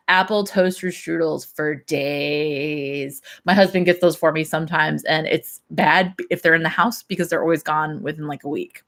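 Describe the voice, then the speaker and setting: A woman's voice: low-pitched, steady tone, normal speed, hardly any pauses. A young woman and systems engineer chatting casually on her livestream, laughing often.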